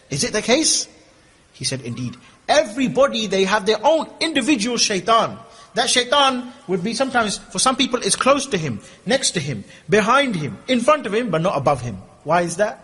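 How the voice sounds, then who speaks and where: A man's voice: high-pitched, big pitch swings, brisk, sharp tone, husky. A man giving a humorous, conversational Islamic lecture to a gathering. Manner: humorous, conversational, mock voices for husbands. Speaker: Islamic preacher. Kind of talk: lively mosque lecture.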